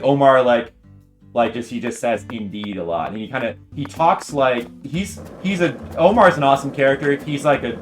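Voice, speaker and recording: A man streaming a video game, chatting casually and enthusiastically with many fillers and restarts, and faint guitar music behind him. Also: mid-range voice. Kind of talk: casual commentary while playing.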